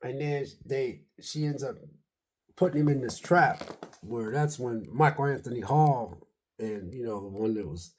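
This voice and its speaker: A man casually retelling a horror movie's scenes in a rambling, animated way, full of slang and quotes of what he said to himself while watching. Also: medium pitch, measured pace. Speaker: movie reviewer.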